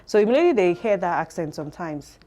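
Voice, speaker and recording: A woman with a Nigerian accent, telling her story as an interview guest in a reflective, halting way full of fillers. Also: on the low side, big pitch swings, dark tone. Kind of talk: conversational interview.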